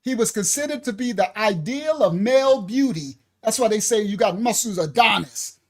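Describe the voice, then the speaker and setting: A ministry teacher giving a livestreamed lesson, reading from slides with excited asides to viewers and emotional, laughing outbursts. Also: medium pitch, moderate pace. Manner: animated, reads aloud from slides with asides to viewers; emotional, breaks into laughter and apologizes. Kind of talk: livestreamed Bible-history lesson.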